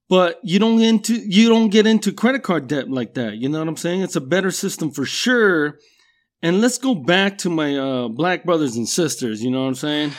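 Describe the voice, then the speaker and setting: A middle-aged man from a Mexican-American background telling casual, profane stories in a rambling way, laughing at himself. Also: a little high. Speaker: storyteller.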